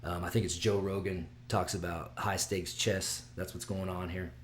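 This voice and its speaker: Low-voiced guy vlogging, excitable and rambling, faint hiss behind him. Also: normal speed. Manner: excitable and rambling, with frequent restarts and drops to a mutter. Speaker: vlog host giving fight picks. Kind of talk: casual solo video chat.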